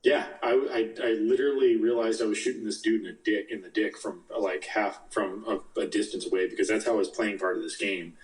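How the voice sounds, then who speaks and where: A man co-hosting a podcast in casual gaming chat, rambling quickly and swearing. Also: lowish voice, steady tone, recorded from a distance, rough recording. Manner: fast rambling, laid-back, swearing. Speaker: podcast co-host.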